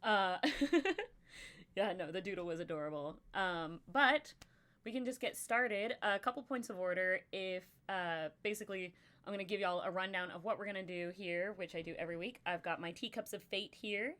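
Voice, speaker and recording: A woman's voice: medium pitch, normal speed, fairly bright tone. A young adult woman hosting a live stream and running a game, talking casually and rambling with many fillers. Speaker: stream host and game master.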